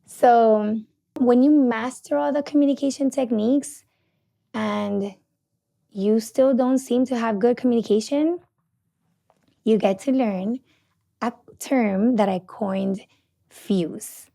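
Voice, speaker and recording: A middle-aged woman, a couples therapist hosting a podcast, talking passionately and loudly with many restarts. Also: a little high, slow pace, gravelly, long pauses. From Puerto Rico. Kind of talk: casual podcast teaching.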